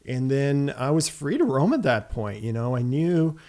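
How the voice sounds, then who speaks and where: A man from Saskatchewan, guesting on an interview show, speaks at an ordinary middle pitch. He reflects aloud in a measured way. He keeps pausing on a rhetorical "right?". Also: sing-song, warm tone. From Saskatchewan, Canada.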